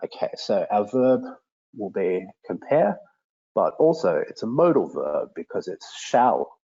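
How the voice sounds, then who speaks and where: A man teaching, demonstrating software for a lesson in an explanatory, enthusiastic way. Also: unhurried, breathy edge, dull audio. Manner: explanatory, enthusiastic, with lively pitch swings.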